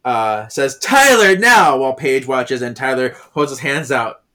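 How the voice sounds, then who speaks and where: A man's voice: steady tone, normal speed, fairly bright tone. A man co-hosting a podcast, chatting about a comic, laughing often and jumping into the characters' lines. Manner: laughs often, acts out lines with big pitch jumps. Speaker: podcast co-host. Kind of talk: casual chat about a comic.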